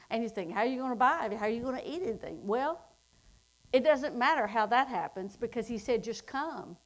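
A middle-aged woman preaching a sermon, reading scripture slowly and building to emphatic declarations. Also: a little high, expressive, a bit bright.

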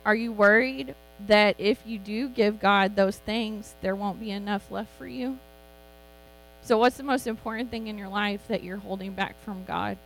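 A middle-aged woman giving an informal, chatty sermon as a Bible teacher, animated and quick to laugh. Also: mid-range voice, gravelly, soft background music, rough recording.

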